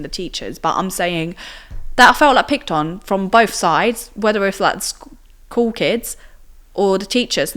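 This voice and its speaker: A woman's voice: medium pitch, fairly bright tone. A young woman in her twenties, telling her own story as a podcast guest in a chatty way full of fillers like "like" and "do you know what I mean". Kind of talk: personal storytelling in interview.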